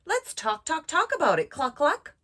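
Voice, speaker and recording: A fussy storybook hen with a high, bright clucking voice that repeats itself as it fusses. The pitch jumps way up and down. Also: female voice, huge pitch swings, moderate pace, full character voice. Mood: sympathetic.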